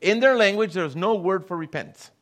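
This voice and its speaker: Man, middle-aged, guest preacher, sermon with anecdotes, slightly raised pitch. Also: expressive, brisk. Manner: storytelling, acts out the voices of people he quotes. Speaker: guest pastor. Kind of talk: sermon with personal stories.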